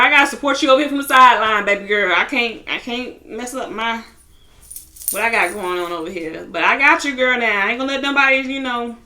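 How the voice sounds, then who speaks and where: A young woman in a casual vlog, retelling a reality show episode with lively, slangy asides. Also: a little high. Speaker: TV show reviewer.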